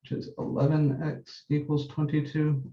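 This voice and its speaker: A man teaching a math class, working through each step methodically and repeating the key points, slowing down on the numbers as he writes. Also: fairly high pitch, completely flat delivery. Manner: methodical, repeats key steps, says numbers slowly while writing. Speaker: math instructor. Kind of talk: classroom lecture. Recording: dull echoey classroom recording.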